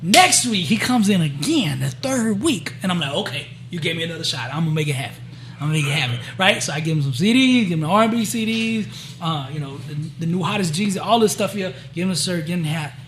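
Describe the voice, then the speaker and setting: A man telling a personal story in a casual, animated way, acting out each quoted exchange and often checking in with his listeners. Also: high voice, fast talker, slight background noise. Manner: animated storyteller who acts out the quoted dialogue; frequent "right?" and "you know" to check in with listeners. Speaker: guest sharing a personal testimony.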